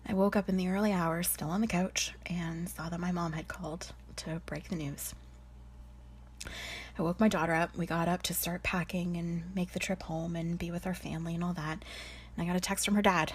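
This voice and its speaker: A woman's voice: fairly low pitch, fairly even intonation, normal speed, breathy edge. A woman, a spiritual medium telling a personal story in a candid, conversational way that often sinks to a near-whisper.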